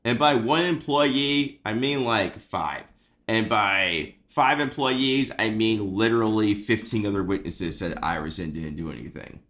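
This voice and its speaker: A man's voice: lowish voice, unhurried, a bit bright. A man hosting a comedy sports podcast, ranting in a mock-hyped, swearing way. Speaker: podcast host.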